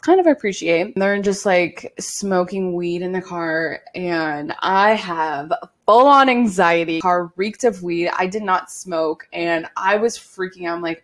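A young woman in her twenties hosting a podcast, telling a personal story in a candid, animated way and swearing freely. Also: lowish voice, a little slow. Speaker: podcast host. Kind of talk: casual storytime monologue.

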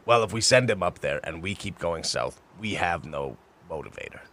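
A man's voice: sits low, animated, normal speed, fairly bright tone. A man playing a tabletop game, arguing plans with the group and swearing casually. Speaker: player.

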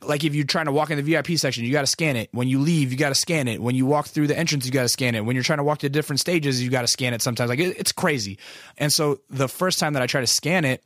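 A man's voice: mid-range voice, fast talker, fairly bright tone, no echo, clean studio sound. A man telling a long story in casual, rambling speech, full of profanity and self-deprecating asides.

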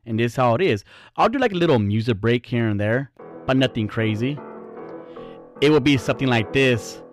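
A man's voice: mid-range voice, expressive, brisk, soft background music. A man hosting his own podcast, ranting bluntly in a casual, profane, rambling way. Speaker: podcast host. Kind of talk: casual solo podcast rant.

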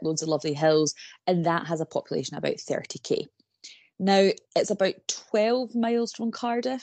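Low-voiced chatty woman. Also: no room sound. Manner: chatty, rambling, laughs often. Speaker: podcast co-host. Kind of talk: casual true-crime podcast chat.

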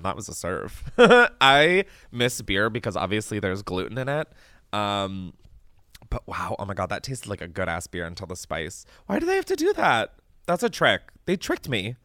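Man, podcast host, casual chat, swears a lot, very animated pitch, close and dry. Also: no echo. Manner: animated and chatty, swears freely, laughs often. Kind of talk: casual chat, candy taste test.

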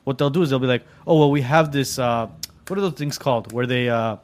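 A man talking quickly in a relaxed chat among friends. He tells his stories with energy and slips into the voices of the people he is describing. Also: medium pitch. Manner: animated storyteller, mimics callers. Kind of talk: casual banter among friends.

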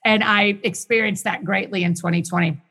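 A woman talking as a guest in a casual conversation, enthusiastic and quick in bursts, often restarting her sentences. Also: mid-range voice, fairly even intonation, bright, forceful tone. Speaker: podcast guest who hosts her own show.

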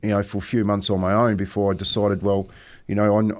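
A man's voice: lowish voice, little pitch movement, quick pace, a little mellow. New Zealand man telling stories, saying mate. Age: 50s. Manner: reflective, storytelling, often says "mate". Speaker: radio co-host. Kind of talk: casual radio chat. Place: radio studio.

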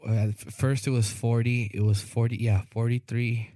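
In relaxed podcast talk, a male co-host tells a drawn-out, wandering story, performing the characters and regularly asking "you know what I mean." He speaks at a medium pitch with little variation, a moderate pace and a warm tone, in clean, echo-free studio audio.

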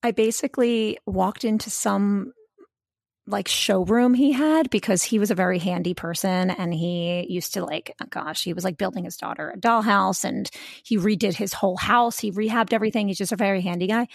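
A woman's voice: medium pitch, steady tone, moderate pace, gravelly, dry recording, clean studio sound. A woman co-hosting a podcast in casual, rambling chat, full of fillers and restarts. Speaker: podcast co-host.

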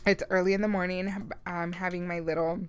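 A woman in her thirties hosting a podcast from home, chatting in a lively, animated way and dropping in Spanish phrases. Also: lowish voice, brisk, a little hiss or hum. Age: 30s. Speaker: podcast host. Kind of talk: casual chat.

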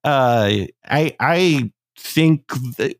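A man's voice: mid-range voice, expressive, very slow, no room sound, clean studio sound. A man co-hosting a casual podcast, talking thoughtfully with hedges and restarts. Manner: thoughtful, hedging, frequent fillers and restarts. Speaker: podcast co-host.

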